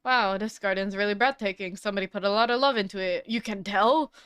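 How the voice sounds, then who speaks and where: Crisp-voiced woman streamer reading a game. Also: medium pitch, quick pace, a bit bright, no echo, clean studio sound. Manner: casual, wry asides between read lines. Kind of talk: reading game dialogue aloud with asides.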